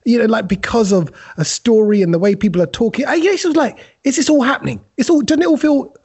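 A man's voice: very high voice, quick pace, breathy edge. A man co-hosting a podcast, teasing his friend in casual banter. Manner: teasing, animated storyteller who slips into put-on voices. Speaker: podcast co-host. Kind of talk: casual chat.

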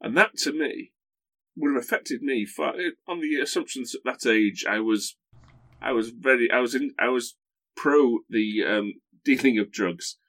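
A man chats casually as a podcast guest. His voice sits at an ordinary middle pitch. He talks in an animated way, often breaking off and restarting his sentences. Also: moderate pace. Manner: animated, full of restarts and self-corrections. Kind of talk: casual chat.

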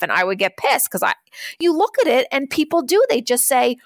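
A woman's voice: high-pitched, sing-song, a little fast, no echo, clean studio sound. A woman in her thirties, speaking candidly as a guest in an interview, in an earnest, conversational way and acting out the voices she quotes.

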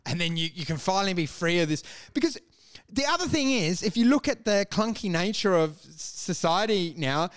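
Ranting man with a high voice. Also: animated, brisk, fairly bright tone, clean tone, no room sound. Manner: profane, ranting, acts out voices. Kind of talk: casual chat.

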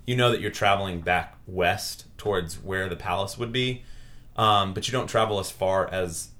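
A young man narrating as game master of a tabletop game, relaxed and halting, with many fillers. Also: sits low.

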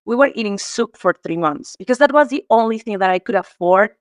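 A woman's voice: mid-range voice, lively intonation, a little fast, no echo, clean studio sound. A woman from Mexico, a guest in an interview, talking in a heartfelt, tearful way with many restarts and fillers. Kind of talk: emotional conversational interview.

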